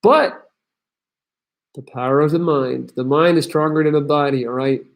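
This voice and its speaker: A man's voice: fairly high pitch, fairly even intonation, brisk. A young man from Belgium, hosting a livestream where he reads chat messages aloud and gives blunt, crude tough-love advice. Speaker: host.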